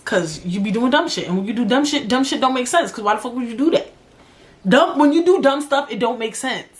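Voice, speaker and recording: A woman's voice: on the high side, a little fast. Blunt, profane young woman podcaster. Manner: blunt, profane, animated, drawling slang. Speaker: podcast host. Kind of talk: casual solo podcast monologue.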